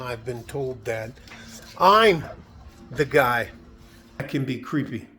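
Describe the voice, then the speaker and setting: A man's voice: medium pitch, expressive, slow pace, pauses often, sharp tone. A man vlogging in his home garage, talking in a rambling, profane, worked-up way. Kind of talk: casual vlog monologue.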